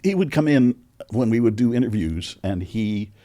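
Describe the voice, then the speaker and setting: A man's voice: medium pitch, animated, moderate pace, dark tone. A man from Chicago hosting a podcast, asking questions and chatting casually with his guest. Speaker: podcast host. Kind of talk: casual interview chat.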